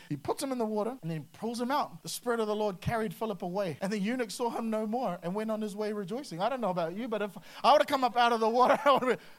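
Lively preacher. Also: mid-range voice. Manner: lively, slips into acted quotes, many restarts. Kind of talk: energetic conversational sermon.

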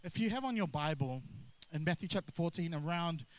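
A man preaching a sermon, energetic and drawing responses from the congregation. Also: fairly high pitch, a little fast, poor audio. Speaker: pastor.

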